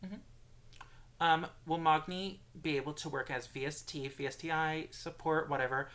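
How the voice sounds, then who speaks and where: A man's voice: a little high, steady tone, normal speed, a bit bright. A man answering viewer questions on a livestream Q&A, hesitant and full of filler sounds.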